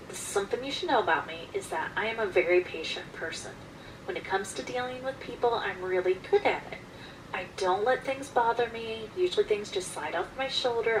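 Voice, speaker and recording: A woman casually telling a personal story in an animated, emphatic way, recorded from some distance. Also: medium pitch, brisk, background noise.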